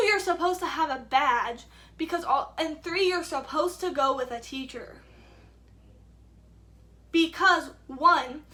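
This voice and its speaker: This young woman's high voice comes across pushed and bright. Filming a casual storytime as a vlogger, she retells the events with chatty indignation and lots of "like."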